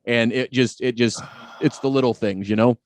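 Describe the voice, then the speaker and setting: A man hosting a podcast, talking in a chatty, joking way at a middle pitch. The recording is dry and close, with no room sound. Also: steady tone, no echo. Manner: chatty and jokey, quick to laugh. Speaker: podcast host. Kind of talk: casual podcast chat.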